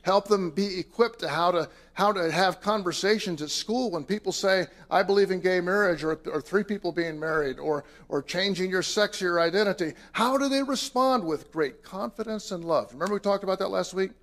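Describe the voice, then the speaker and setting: A man's voice: sits high, fairly quick, few pauses. Earnest man preaching a sermon. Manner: earnest, conversational preaching with sudden loud emphases and quiet asides. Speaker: pastor.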